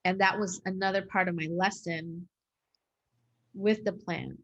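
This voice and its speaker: A woman's voice: fairly low pitch, steady tone, unhurried, lo-fi sound. Rambling woman recounting an intense experience. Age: adult with a young daughter. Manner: rambling, heavy use of "like" and "um"; acts out quoted dialogue. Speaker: host sharing her own experience. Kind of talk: casual interview storytelling.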